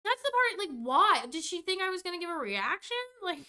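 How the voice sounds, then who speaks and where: A young woman with a high voice tells a storytime rant straight to camera. Her tone is bright and sharp-edged, and she is exasperated and rambling, with casual swearing throughout. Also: big pitch swings, a little fast. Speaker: vlogger.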